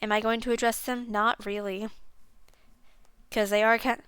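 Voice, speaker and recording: Young female streamer, casual rambling review, clear voice, dry close mic. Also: a little high, level tone, normal speed, fairly bright tone, dry recording. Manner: rambling, self-deprecating, lots of fillers. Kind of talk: casual game review chat.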